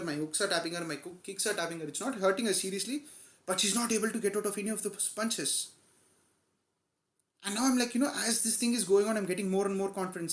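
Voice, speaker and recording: A man vlogger telling a personal story in a casual, animated way, stressing key moments. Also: on the high side, echoey room. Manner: animated, emphatic retelling with quoted dialogue.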